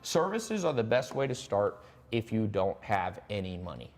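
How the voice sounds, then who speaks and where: Male host, mid pitch, fast and animated, cracking jokes while selling a training course on a live stream.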